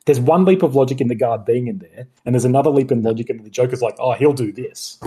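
Husky-voiced man chatting about films. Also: medium pitch, fast talker. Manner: animated, acts out lines mid-sentence. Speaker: podcast co-host. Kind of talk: casual film discussion.

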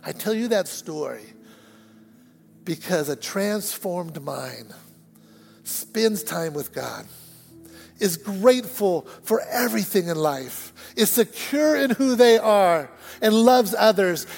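A man preaching a sermon as pastor, telling a story with lively acted-out voices and shouted moments. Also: high voice, vocal fry. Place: church sanctuary. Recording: long church hall reverb.

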